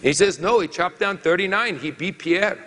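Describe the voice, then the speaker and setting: A man playing a boastful French lumberjack who tells a comic tale in halting, broken English with a put-on French accent, in a reverberant hall. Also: high-pitched, a bit bright. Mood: storytelling.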